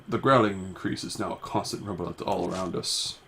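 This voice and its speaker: A man reading a game's story text aloud in a halting, stumbling way, with self-mocking asides, recorded on a home mic. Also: low voice, vocal fry, sharp tone. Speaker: amateur voice actor reading a game. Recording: faint music behind.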